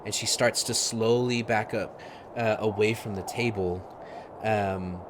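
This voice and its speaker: A man narrates a tabletop game at a slow, unhurried pace. He pauses often with fillers as he paints the scene. Steady background noise runs under his voice. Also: lowish voice. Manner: slow, halting, with many fillers. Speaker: game master. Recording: noisy stream audio.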